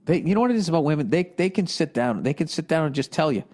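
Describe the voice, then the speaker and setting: A man's voice: fairly high pitch, expressive, fast, a little mellow. A man hosting a podcast, reading listener questions aloud and riffing on them in a profane, exasperated comedic rant. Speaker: podcast host. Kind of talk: ranting comedic monologue.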